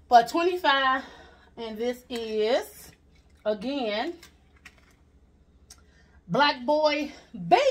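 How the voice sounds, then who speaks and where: A woman vlogger chatting casually through a clothing haul, animated and laughing often. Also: sits high, far from the mic.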